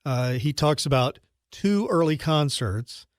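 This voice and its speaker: A man's voice: a little high, expressive, unhurried, dry recording, studio quality. A man hosting a radio morning show, setting up a clip in a casual, matter-of-fact way. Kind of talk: casual studio chat. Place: radio studio.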